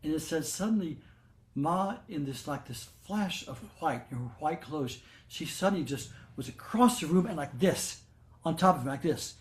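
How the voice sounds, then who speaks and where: An older man leading a devotional gathering, telling stories in a gentle, unhurried way with many fillers and restarts. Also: on the high side, lively intonation, echoey room. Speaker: satsang leader. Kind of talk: devotional storytelling talk.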